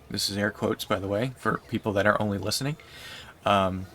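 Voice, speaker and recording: Male streamer, low and gravelly, bright edge, rambling casual storyteller. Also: flat delivery. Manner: rambling, filler-heavy, unhurried. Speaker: livestreamer. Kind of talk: casual storytelling while gaming.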